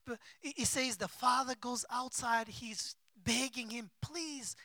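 A man preaching a sermon as a pastor, with impassioned delivery and big swings between soft and loud. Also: very high-pitched, normal speed, few pauses, dry recording. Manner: acts out quoted figures in his own voice. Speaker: pastor and missionary.

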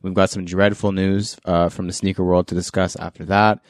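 A man's voice: sits low, flat delivery, fairly quick, dry recording, clean studio sound. A man hosting a casual podcast chat, loose and joking, laughing often. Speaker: podcast host.

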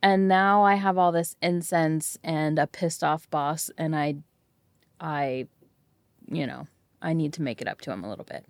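A woman player speaking in character in a tabletop game, pitching a deal in a halting, rambling way full of fillers. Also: dry recording. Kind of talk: in-character tabletop role-play.

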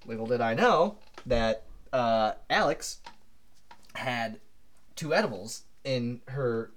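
A man co-hosting a podcast, telling a long anecdote in an animated, rambling way full of fillers. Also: medium pitch, slow pace. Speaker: podcast co-host. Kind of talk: casual storytelling chat.

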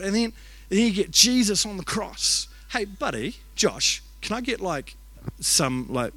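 A man's voice: sits high, big pitch swings, unhurried, sharp tone. A man preaching at a church service, telling a personal story in an earnest, conversational way, full of "like" and asides. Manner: conversational, earnest, heavy use of "like". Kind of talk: emotional storytelling sermon.

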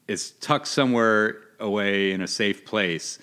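Low-voiced guy on a comedy podcast, tossing in dry jokes. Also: a little slow, bright, forceful tone, clear, resonant tone. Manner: dry jokey interjections. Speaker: podcast co-host.

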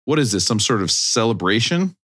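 A man's voice: lowish voice, sing-song, fairly quick, fairly bright tone, a little hiss or hum. A man telling rambling comic bits on a casual podcast, swearing often. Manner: rambling joking storyteller, swears freely. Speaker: podcast co-host. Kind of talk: casual comedic chat.

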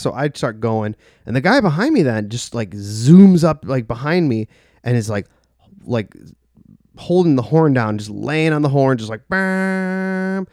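A man's voice: mid-range voice, darkish tone, dry recording, clean studio sound. A young man telling a personal story in a casual, rambling way, full of filler words and swearing. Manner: rambling, heavy use of "like", profane.

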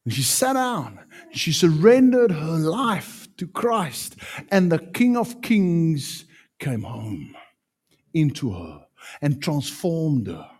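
Pastor guy preaching, pitch jumping all over, fairly high voice, punchy loud bursts. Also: slow, slightly rough. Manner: animated, emphatic preaching with sudden loud peaks. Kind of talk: sermon.

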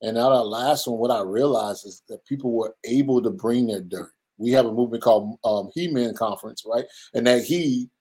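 A man in his fifties speaks in an earnest, preacherly way as an interview guest. His voice sits at an ordinary middle pitch, and he slips into short quoted voices while he makes his points. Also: normal speed, few pauses, darkish tone, breathy edge, rough recording. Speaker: guest, pastor and men's ministry leader. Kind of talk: conversational interview.

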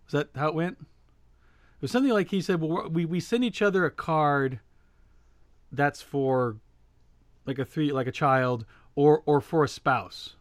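Animated man telling a story on a podcast. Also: fairly high pitch, measured pace, pauses often, dry recording. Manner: animated storyteller, many restarts, gets loud retelling the joke. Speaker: podcast co-host. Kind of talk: casual storytelling chat.

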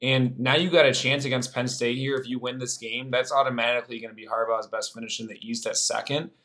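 A man's voice: medium pitch, fairly even intonation, quick pace, bright, forceful tone. A man speaking as a guest on a sports podcast, reasoning in long run-on stretches. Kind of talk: casual sports chat.

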